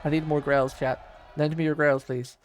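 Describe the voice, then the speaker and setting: A man's voice: fairly high pitch, level tone, moderate pace, a faint crowd, a little hiss or hum. A young man streaming live, chatting casually with fillers while his throat is sore. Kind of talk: live stream reading a game aloud.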